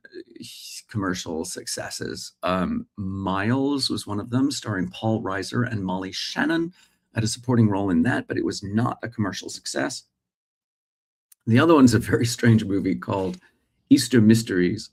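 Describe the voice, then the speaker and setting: A man in his forties from Australia, speaking American with Australian traces, chatting live as host and reading viewer comments with many fillers. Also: mid-range voice.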